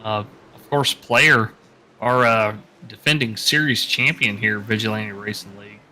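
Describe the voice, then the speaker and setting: A man giving relaxed, plain analysis as co-commentator on a sim race. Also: fairly low pitch, a little slow, rough recording.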